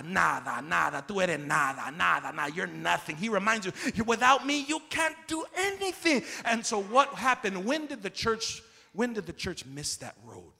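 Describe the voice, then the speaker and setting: A man preaching a sermon as pastor, leading the congregation in call-and-response and swinging between shouting and quiet talk. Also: high voice, gravelly. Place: church sanctuary. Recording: long reverb of a big hall.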